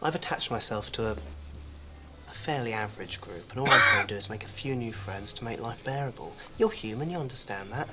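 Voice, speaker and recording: An actor playing a prim, pompous schoolboy. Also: male voice, on the low side, lively intonation, brisk, heavy background noise, lightly acted. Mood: pompous pleading. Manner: formal and pompous. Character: prim, awkward teenage schoolboy. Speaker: character in a sitcom. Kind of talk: sitcom acting.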